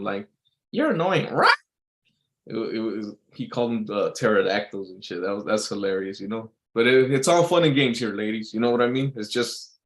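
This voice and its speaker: A man talking in a casual, rambling monologue as an entertainer, full of fillers and restarts. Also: fairly low pitch.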